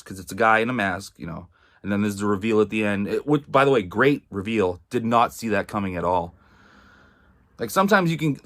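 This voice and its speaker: Guy from massachusetts doing a loose movie review, kinda low voice, lots of "like" and "um", swears a bunch. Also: a bit bright. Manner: rambling, heavy on "like" and "um", swears freely. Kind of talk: casual spoken film review.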